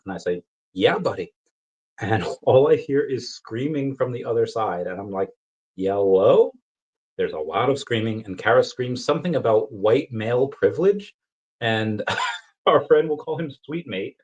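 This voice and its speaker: A man's voice: fairly low pitch, highs cut off. A man hosting a casual vlog, telling a rambling, crude story with goofy asides. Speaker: vlogger.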